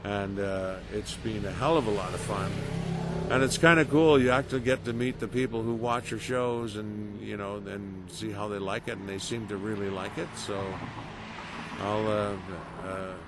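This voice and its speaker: A middle-aged man giving a casual interview as a voice actor, animated and storytelling, acting out quoted reactions. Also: on the low side, normal speed. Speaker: voice actor guest. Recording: noisy background.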